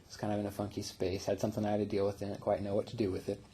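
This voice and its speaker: A man who teaches meditation, telling personal stories in a relaxed, reflective way, with fillers and small laughs. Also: on the low side, rapid-fire, slight background noise. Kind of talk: casual spiritual talk.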